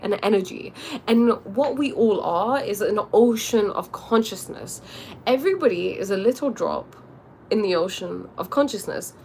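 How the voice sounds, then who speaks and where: A woman hosting a casual spiritual livestream, chatting and often checking in with her audience, animated and quick to laugh. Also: medium pitch, a little hiss or hum.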